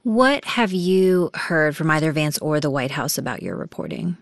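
Low-voiced woman radio news host. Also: expressive, no room sound, studio quality. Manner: measured, probing questions.

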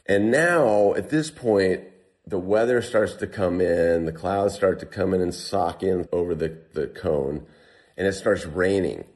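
Man, very low voice, casual storytelling, animated, lots of "like". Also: a little slow. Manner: animated, heavy use of "like". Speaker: guest telling a survival story.

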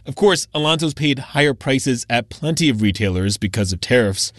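A man filing a scripted radio news report, with a measured, explanatory delivery. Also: mid-range voice, expressive, fairly bright tone, dry recording.

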